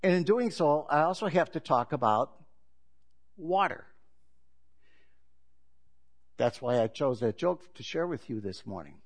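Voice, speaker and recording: A male pastor delivers a sermon in a relaxed, conversational way, leaning on jokes and stories. His voice sits a little higher than most men's. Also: normal speed.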